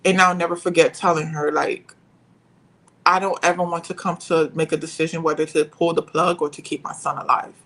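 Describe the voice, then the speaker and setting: A young woman telling a painful personal story as a podcast guest, pausing and searching for her words. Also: low-pitched, level tone, a bit bright, low-quality recording.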